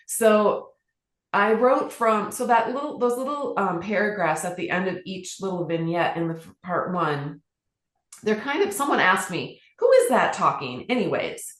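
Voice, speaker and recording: A middle-aged woman speaks as a podcast guest, telling personal stories in an earnest, heartfelt way. She often stops and restarts her sentences. Her voice sits in a roomy space with a clear echo around it. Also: mid-range voice, expressive, moderate pace, fairly bright tone. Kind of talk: candid personal storytelling.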